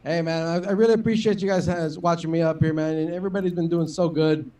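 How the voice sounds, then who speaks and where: A man doing a stand-up comedy set, his voice high for a man and a bit distant from the mic. He rambles through profane, self-deprecating stories, packing his lines with "like" and "dude.". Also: fairly even intonation, fast, warm tone. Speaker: stand-up comic.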